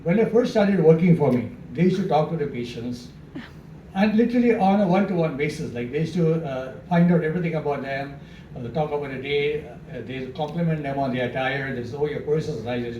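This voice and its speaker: A man's voice: on the high side, fairly quick, highs cut off. A man, a dentist, telling comic stories on stage, chuckling and acting out dialogue. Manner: chuckling, animated, acts out dialogue. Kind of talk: stand-up storytelling. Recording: roomy, distant mic, faint background noise.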